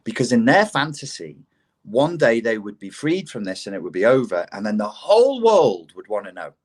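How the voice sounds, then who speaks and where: A man co-hosting a casual podcast conversation, talking in an animated way, swearing freely and building to indignant outbursts. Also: mid-range voice, normal speed. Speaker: podcast co-host.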